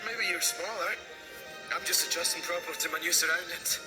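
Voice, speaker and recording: A man's voice: on the high side, brisk, lightly acted. A man voicing a laid-back, slangy young conductor who talks breezily and sighs a lot. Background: music.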